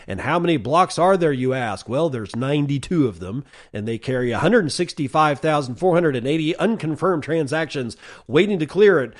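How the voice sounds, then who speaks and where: A man's voice: a little high, expressive, normal speed. A man hosting a solo podcast, reading out numbers and listener messages and ranting casually and bluntly, with some swearing. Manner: reads listener messages and figures aloud. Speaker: podcast host.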